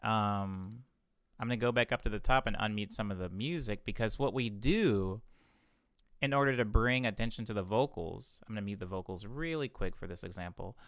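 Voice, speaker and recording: A man with a lowish, smooth and clear voice talks through a music production tutorial in a relaxed way, step by step. He catches his own slips and corrects himself quickly. The sound is close and dry, with no room around it. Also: no room sound. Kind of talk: casual tutorial walkthrough. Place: home music studio.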